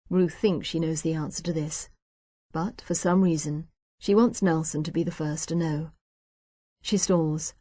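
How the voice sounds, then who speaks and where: Woman, audiobook narration, low voice, dry close studio sound. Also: fairly even intonation, warm tone, no echo. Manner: measured storytelling, voicing each character. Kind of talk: scripted narration. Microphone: close studio mic.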